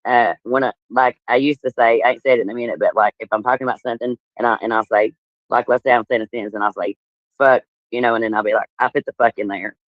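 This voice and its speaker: A man's voice: mid-range voice, fairly even intonation, rapid-fire, dry recording. Man, livestream guest, rambling and stumbling, laughs easily, swears, dull lo-fi stream audio, dry sound. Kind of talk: casual livestream chat.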